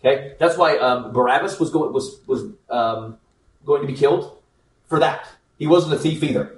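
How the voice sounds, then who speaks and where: A man's voice: medium pitch, normal speed. Casual man teaching scripture in an echoey room. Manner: conversational, addresses listeners as guys, frequent ums. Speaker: Bible teacher. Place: church meeting room. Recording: roomy echo, mic at a distance.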